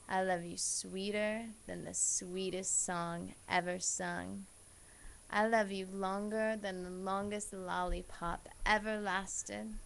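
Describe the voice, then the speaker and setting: A woman reads a rhyming picture book aloud at an unhurried pace, her voice slightly gravelly and her melody fairly even. The delivery is gentle and sing-song, with faint hiss underneath. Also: medium pitch. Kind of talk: storybook read-aloud.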